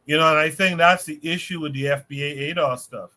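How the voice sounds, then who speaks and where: A man's voice: on the high side, fairly even intonation, a little fast, sharp tone. A man hosting a livestream podcast, thinking aloud in a rambling way before handing over to a guest. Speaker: podcast host. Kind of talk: casual livestream discussion.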